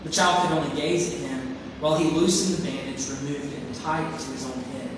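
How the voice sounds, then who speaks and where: A man's voice: fairly high pitch, fairly quick, noisy background. A man preaching a sermon and reading a story aloud, speaking earnestly in short, emphatic phrases. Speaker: pastor. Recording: echoey hall from far off.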